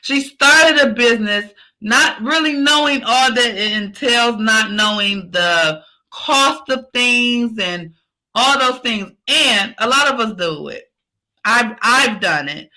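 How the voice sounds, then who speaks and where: A woman's voice: a little high, lively intonation, takes it slowly, sharp tone, poor audio. A woman hosting a podcast, giving an emphatic, repetitive motivational pep talk. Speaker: podcast host.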